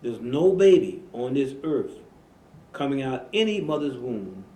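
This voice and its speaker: Man, religious talk host, emphatic preaching, repeats phrases, middle pitch, echoey room. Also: very animated, unhurried, dark tone. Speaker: imam and show host. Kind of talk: religious talk radio conversation.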